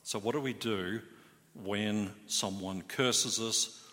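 A man's voice: fairly low pitch, slow, fairly bright tone. A man preaching a sermon as pastor, earnest and emphatic, stressing key words. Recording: hall reverb.

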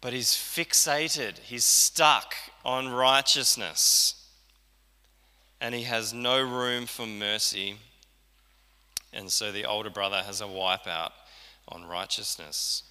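A man preaching a sermon in a loose, conversational way, slipping into the voices of the people he quotes. His voice is very bright and cutting, with a long hall reverb trailing behind it. He speaks from a church hall. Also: fairly low pitch, fairly even intonation, slow. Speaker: pastor.

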